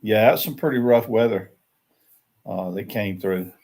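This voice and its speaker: A man's voice: fairly low pitch, measured pace, a little mellow. Guy doing a chill coffee chat stream, laughs a lot, says hey to folks. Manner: easygoing, laughs often, greets viewers by name. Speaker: livestream host. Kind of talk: casual morning chat. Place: small shed used as a tiny house.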